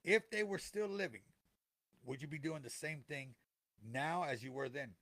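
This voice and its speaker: A middle-aged man speaks with a fairly high voice, earnest and a little preachy. He repeats key phrases to drive them home. It sounds like heartfelt motivational talk from a co-host. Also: moderate pace, a bit bright. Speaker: podcast co-host.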